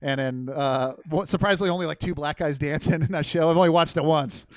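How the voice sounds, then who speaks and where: Young male stand-up, high-pitched, loud and rambling, swears a lot, dry close sound. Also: brisk, no echo. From Portland, Oregon. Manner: loud, rambling and profane, laughing at his own jokes. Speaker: stand-up comedian. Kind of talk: stand-up crowd work and storytelling. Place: comedy theater stage.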